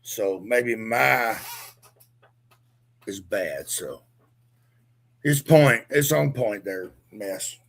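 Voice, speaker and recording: A man's voice: on the low side, animated, very slow, creaky, long pauses, a bit bright. A middle-aged man co-hosting a casual chat, rambling through laid-back stories with a dry mouth.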